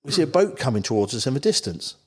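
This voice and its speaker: A man's voice: medium pitch, big pitch swings, quick pace, slightly rough. A man from the Isle of Wight, a podcast guest telling a long story in casual, rambling chat. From England, Isle of Wight. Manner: rambling, full of "you know" asides.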